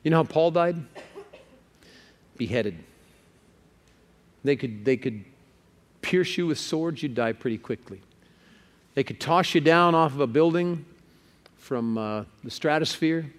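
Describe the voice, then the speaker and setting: Man, preacher, sermon, conversational, repeats words, mid pitch. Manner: lively, repeats words when stuck, asks the crowd questions.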